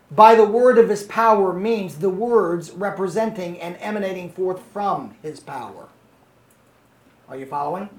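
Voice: mid-range voice, roomy sound. A Bible study teacher reading verses to a small group and explaining them, often stopping to check that the listeners are following.

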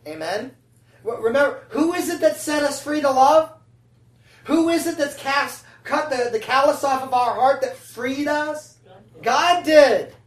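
Here the preacher's voice is high-pitched and his pace measured. His sermon has a chatty, conversational feel, punctuated by frequent "right?" and "amen?" to the congregation. The sound is roomy, captured from a distance.

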